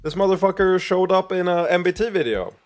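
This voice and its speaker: A man's voice: high-pitched, animated, brisk, faint music behind. A man streaming a video game, chatting casually, swearing a lot and reading game text aloud.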